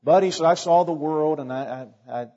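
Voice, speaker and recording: A middle-aged man preaches a sermon in an easygoing, folksy manner, speaking to his congregation like he's chatting with friends. His voice sits a touch high and has a slightly husky edge. The recording is muffled and carries a long church reverb. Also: fairly quick, dark tone. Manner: conversational preaching with folksy asides. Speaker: pastor. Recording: dull sound with long reverb.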